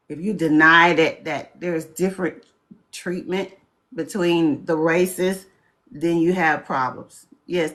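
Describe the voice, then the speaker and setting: A woman hosting a casual live talk, presenting slides and speaking bluntly and animatedly to her viewers. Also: mid-range voice. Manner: blunt, scolding and animated, addresses viewers as y'all.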